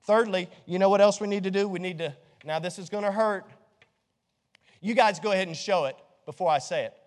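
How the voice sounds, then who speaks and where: A middle-aged male pastor preaching a sermon, lively and joking as he quizzes his congregation with rhetorical questions. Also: sits high, fairly quick. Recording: long hall reverb.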